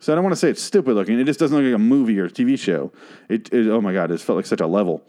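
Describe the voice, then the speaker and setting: A man's voice: fairly low pitch, animated, rapid-fire. Sarcastic, swearing man recapping an episode. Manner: sarcastic, profane and rambling; trails off into quiet mutters. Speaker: show recap host.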